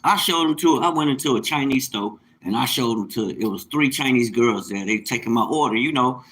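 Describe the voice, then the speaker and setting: A man's voice: mid-range voice, lively intonation, moderate pace, fairly bright tone, rough recording. A man hosting a casual livestream, talking at length in a rambling, emphatic way that turns preachy at times. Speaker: livestream host, mobile mechanic.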